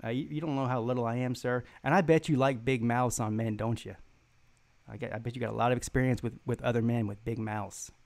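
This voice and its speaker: Southern US male stream host, rambling mocking trash talk, lots of uhs, a rough fry in the voice. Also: medium pitch, steady tone. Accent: Southern American. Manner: rambling, halting, with many fillers and restarts. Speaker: sports live-stream host. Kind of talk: live-stream chat reading viewer comments.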